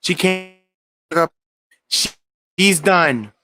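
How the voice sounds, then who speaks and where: A man hosting a casual livestream, chatting and ranting in an animated, exasperated way. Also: a little high, takes it slowly. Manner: animated, exasperated rants with bursts of singing. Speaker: livestream host.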